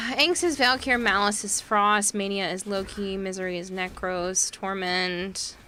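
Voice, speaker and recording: A woman livestreaming a game in a casual, rambling way, reading viewer messages aloud and riffing on them. Her voice is bright and a little sharp. Her pitch is ordinary, and she fills pauses with "uh" and "like". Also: steady tone, slight background noise. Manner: chatty, reads viewer messages aloud with fillers and asides. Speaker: game streamer.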